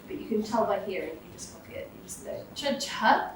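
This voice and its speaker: A woman's voice: mid-range voice, lively intonation, a little fast, far from the mic. A British woman teaches Sanskrit pronunciation to a class. She models each sound for the group to copy back. Her voice comes from some way off the microphone in a very echoey room with faint noise. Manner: demonstrates sounds for the group to repeat.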